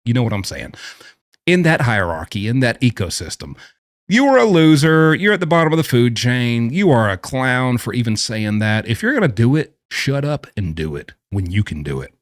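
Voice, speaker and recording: A man in the middle of a pitch range swings his voice up and down as he rants bluntly, mocking what he reacts to. The sound is dry and close, with no room around it. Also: sing-song, normal speed, dry recording. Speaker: commentator who says he knows prison. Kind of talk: opinionated reaction commentary.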